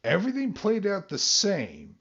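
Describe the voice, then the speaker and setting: A man chatting casually on a podcast, retelling things with lively swings and fillers. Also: sits high, normal speed, slightly rough, lo-fi sound. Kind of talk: casual chat.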